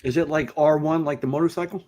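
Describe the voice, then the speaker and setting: A man's voice: fairly high pitch, fairly even intonation, fast, warm tone. A man on a podcast panel, chatting casually and tossing in wisecracks. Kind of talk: casual chat.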